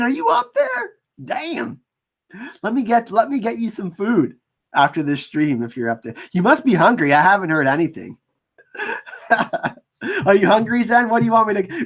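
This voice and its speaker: Guy doing a casual livestream, super lively up and down voice, reading off chat shout-outs. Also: sits high. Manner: animated, reads out viewer comments and shout-outs. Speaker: livestream host. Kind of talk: casual live-stream chat.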